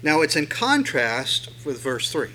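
A man preaching a sermon in a conversational way, asking rhetorical questions and swelling louder when he reads scripture. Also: fairly high pitch, big pitch swings, unhurried, slight background noise, low-quality recording. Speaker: pastor.

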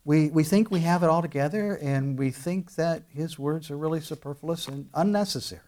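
A man's voice: on the high side, moderate pace, darkish tone. A middle-aged man preaching a sermon as pastor, conversational and full of restarts, rising to bursts of emphasis.

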